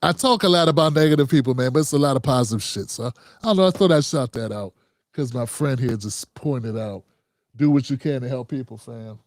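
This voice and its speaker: A man's voice: mid-range voice, fairly quick, dry recording, studio quality. A middle-aged man hosts a casual livestream commentary show in a loose, conversational way, calling his viewers fam.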